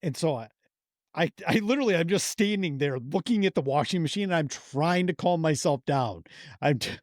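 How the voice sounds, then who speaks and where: A man's voice: on the high side, a little fast, no echo, studio quality. A man hosting a podcast, telling a story with enthusiasm and lots of swearing. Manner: enthusiastic, profane, animated storytelling. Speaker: podcast host. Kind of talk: casual chat.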